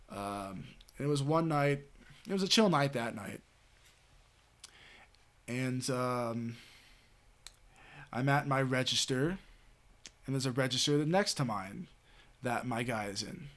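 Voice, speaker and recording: A man streaming late at night, telling a story in a rambling, casual way with lots of fillers and swearing. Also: mid-range voice. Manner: rambling, heavy filler words and frequent swearing.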